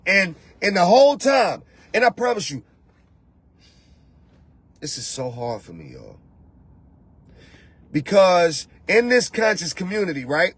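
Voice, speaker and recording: Husky high-voiced man preaching. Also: wildly swooping pitch, unhurried, pauses often, no room sound. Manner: emphatic, preachy, repeats phrases; talks straight to the listener with rhetorical questions. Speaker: host and spiritual coach. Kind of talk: motivational monologue.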